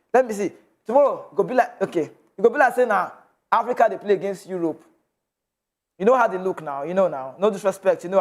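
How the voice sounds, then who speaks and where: Nigerian guy hosting a football news show, kinda high voice, chatty, laughs a lot. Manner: chatty, mixes in pidgin asides, laughs often. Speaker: sports show host. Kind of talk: casual football news commentary.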